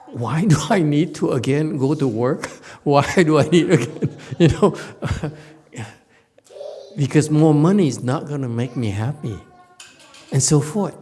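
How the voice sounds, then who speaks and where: A man teaching a Buddhist lecture at an unhurried, deliberate pace. His voice sits in the middle of the male range. He is playful and laughs often, swinging between bright exclaims and soft, hushed asides. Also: medium pitch, husky. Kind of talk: Dharma lecture. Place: temple lecture hall.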